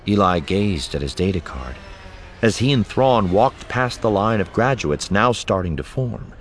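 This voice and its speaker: A man narrating an audiobook in an expressive, storytelling manner. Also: on the low side, a little slow, a little hiss or hum. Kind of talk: scripted narration.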